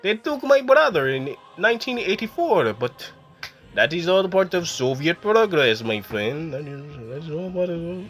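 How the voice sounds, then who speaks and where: A man's voice: a little high, sing-song, normal speed, fairly bright tone, soft background music, voice pushed up. A man voicing a boastful, overly friendly male Soviet official, rambling in broken English. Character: blustering middle-aged male Soviet official, boastful comrade.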